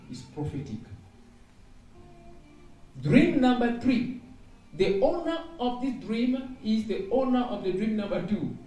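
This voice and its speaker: A man's voice: high-pitched, dark tone. A man preaching as an evangelist, reading out dreams and interpreting them, with frequent exclamations and repeated phrases. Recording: echoey room heard from a distance.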